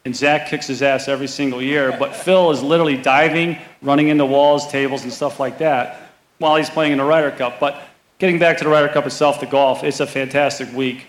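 A man who caddies on the golf tour, telling anecdotes quickly and mocking himself as a guest. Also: medium pitch, roomy sound, poor audio. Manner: animated anecdote teller, quick and self-mocking. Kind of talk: storytelling interview guest.

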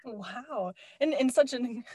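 A woman's voice: on the high side, expressive, takes it slowly, dark tone, a little hiss or hum. A woman hosting a podcast, enthusiastic and affirming as she interviews her guest. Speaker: podcast host.

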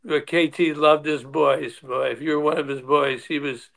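A man's voice: fairly high pitch, moderate pace, creaky. A man in his sixties telling stories in a casual chat, acting out the voices of people he quotes. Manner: animated storyteller, acts out quoted voices. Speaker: guest, former player and manager.

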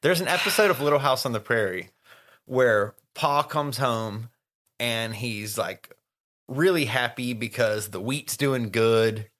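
A man's voice: mid-range voice, unhurried, fairly bright tone. A man from the American South with a Southern accent, co-hosting a podcast and chatting casually about a book, slipping into mocking quote voices. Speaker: podcast co-host. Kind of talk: casual chat recapping a book.

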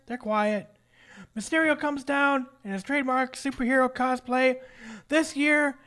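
A man co-hosting a casual podcast, wryly recapping a wrestling show. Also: very high-pitched. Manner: wry, joking, lively. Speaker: podcast co-host.

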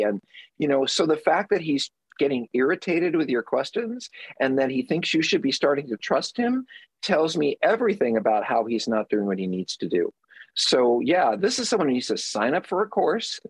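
Blunt, husky-voiced male therapist. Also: fairly high pitch, dry recording. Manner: blunt, impassioned advice. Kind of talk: advice show talk.

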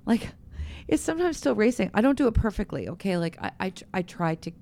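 A woman's voice: medium pitch, very animated, fast talker, a little mellow. A woman pastor co-hosting a casual faith podcast, telling candid, confessional stories with many restarts.

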